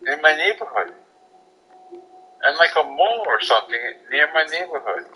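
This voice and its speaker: Rambling man telling stories, bright thin tone. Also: on the high side, sing-song, normal speed, slight background noise, poor audio. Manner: rambling, filler-heavy anecdotes. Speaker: streamer. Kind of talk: casual storytelling chat.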